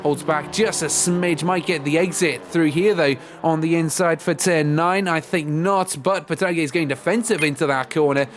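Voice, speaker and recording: A man's voice: fairly high pitch, fairly even intonation, normal speed, few pauses. A man commentating a live sim race, chatty and rambling between calls. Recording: game engine sounds and music behind. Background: racing car engine noise and music.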